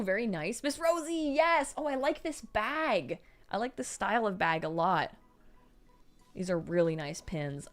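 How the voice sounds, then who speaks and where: A young adult woman hosting a livestream, reading chat aloud and reacting with gushing excitement. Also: a little high. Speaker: livestream host. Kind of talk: live-stream chat reading.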